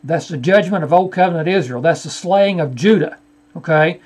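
A Bible teacher with a slightly high, somewhat mellow voice speaks at normal speed during a screen-share Bible study rebuttal. He argues a scripture point and keeps addressing his opponent by name.

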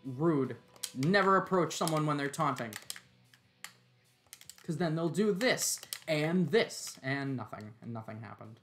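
A man's voice: fairly high pitch, expressive, unhurried, a bit bright, soft background music. A tired man giving laid-back, joking live-stream commentary while he plays a game, swearing and chuckling often.

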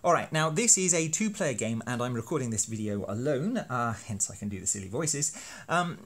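Playful lecturer with a lively voice. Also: male voice, mid-range voice, moderate pace. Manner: playful, self-deprecating, hammy. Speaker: university lecturer making teaching videos. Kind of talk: educational explainer.

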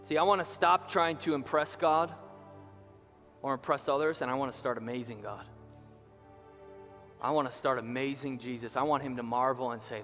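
A man's voice: medium pitch, fairly bright tone. Impassioned male pastor in a reverberant church. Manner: impassioned preaching, slows and rises for emphasis. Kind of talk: sermon. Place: church sanctuary. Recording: reverberant church hall with music behind.

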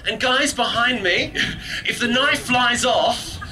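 A man from England working a crowd as a street performer, loud and cheeky, teasing and swearing for laughs. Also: very high voice, slow, music in the background. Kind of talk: street show patter to a crowd. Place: outdoor city square with a crowd. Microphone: far from the recording camera. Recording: distant voice over loud crowd noise. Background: loud crowd and street ambience.

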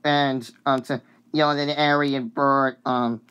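Slow, smooth-voiced sick vlogger, coughing. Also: mid-range voice, steady tone, fairly bright tone, lo-fi sound. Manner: rambling and hesitant, full of fillers; apologetic. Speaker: video uploader. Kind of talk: casual chat about a cartoon song.

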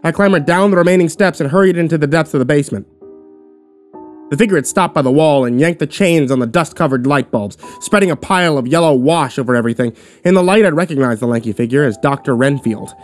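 A man narrating a horror story in the first person with steady, dramatic delivery. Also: a little high, fast talker, soft background music. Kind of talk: scripted narration.

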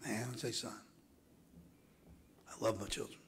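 Male preacher, gravelly tone, fervent sermon delivery with hushed passages and shouted peaks. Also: lowish voice, level tone, brisk, slight background noise, poor audio. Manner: builds from hushed murmurs to hoarse shouting. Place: church sanctuary.

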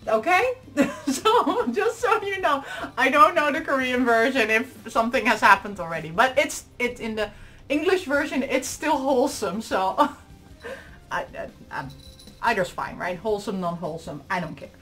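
A woman's voice: on the high side, normal speed, soft background music. Gushing, giggly woman unboxing dolls. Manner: gushing and excitable, squealing over items. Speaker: vlogger reviewing dolls. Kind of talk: casual unboxing chat.

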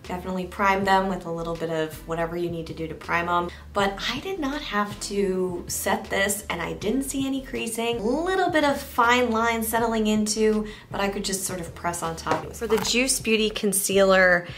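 A woman's voice: mid-range voice, moderate pace, hardly any pauses, fairly bright tone, a little hiss or hum. A young woman giving a candid, chatty makeup review that she speaks straight to her viewers. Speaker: beauty reviewer. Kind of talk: casual product review vlog.

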